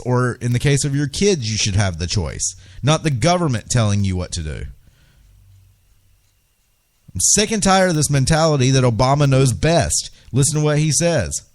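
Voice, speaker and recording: A man hosting a political talk radio show, ranting with indignation and firing off rhetorical questions. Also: mid-range voice.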